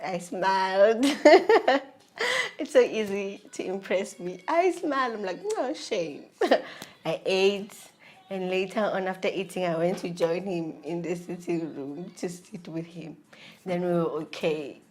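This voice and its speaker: Animated South African woman vlogger. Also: lowish voice, slow. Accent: South African English. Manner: animated, laughing often, slangy. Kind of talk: storytelling about her marriage.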